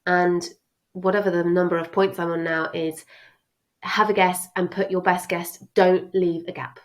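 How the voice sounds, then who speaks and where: A woman's voice: on the low side, little pitch movement, moderate pace, poor audio. A woman French teacher giving a chatty, reassuring exam revision lesson.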